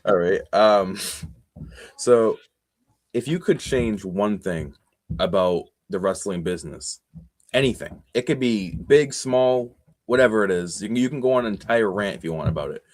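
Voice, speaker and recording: A man hosting a casual interview podcast, laid-back and quick to laugh as he asks questions. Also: lowish voice, expressive.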